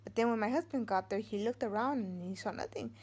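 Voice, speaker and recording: A woman's voice: a little high, fast talker, darkish tone, breathy edge. Rambling mother telling a home story. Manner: rambling, many fillers and restarts, acts out quoted voices. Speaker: vlogger, mother of three. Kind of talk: casual storytelling.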